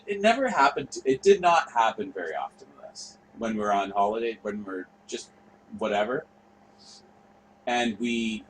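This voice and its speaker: A man's voice: medium pitch, slight background noise, rough recording. A man, hosting a casual online tour and rambling through a profane story with mumbled asides. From Canada. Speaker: host. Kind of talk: casual chat while touring by map screen.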